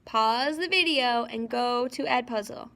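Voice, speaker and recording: A woman teacher giving a recorded class lesson, dictating sentences slowly and clearly and repeating each one. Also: fairly high pitch, a bit bright.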